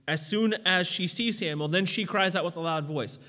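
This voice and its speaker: A man preaching in a loose, chatty way, leaning on fillers and then swelling into emphatic bursts. His voice sits a little high for a man. It rings out with a long hall reverb around it. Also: moderate pace, bright, forceful tone. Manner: casual and conversational with frequent fillers, swelling to emphatic peaks. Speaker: pastor. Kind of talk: sermon.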